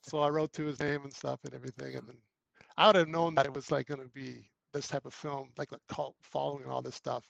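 A man's voice: medium pitch, fast talker, gravelly, no room sound, poor audio. A man, an actor guest, telling anecdotes in casual chat and acting out the quoted lines. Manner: animated storyteller who acts out quoted lines.

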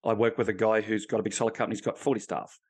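A man's voice: fairly low pitch, fairly even intonation, racing, darkish tone, slightly rough. A man, a coach, talking casually and bluntly in a podcast interview, swearing freely as he tells stories. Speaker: high performance coach.

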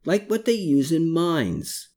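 A narrator voicing a determined, obsessed man searching a cellar, pitched above their own voice and growing urgent. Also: big pitch swings, takes it slowly, a little mellow.

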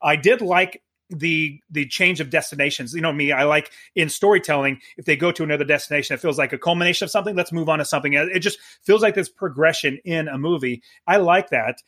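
A man chatting casually as co-host of a movie review, animated and often stammering and restarting his sentences. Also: fairly high pitch, fast talker.

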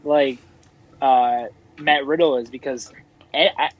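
A man guest co-hosting a podcast in relaxed, casual chat, with fillers as he weighs his points. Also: mid-range voice, slow pace, muffled recording, a little hiss or hum. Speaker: guest co-host.

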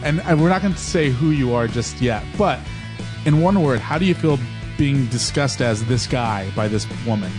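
A man's voice: mid-range voice, lively intonation, normal speed. Joking male podcast host with music. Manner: joking, laughs often, fumbles words. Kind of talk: casual podcast banter.

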